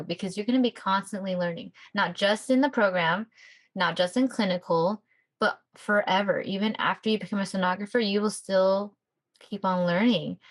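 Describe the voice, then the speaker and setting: An upbeat woman co-hosting a casual chat podcast. She talks with open energy and slips into excited quoted voices now and then, at a middle pitch. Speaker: podcast co-host, sonographer.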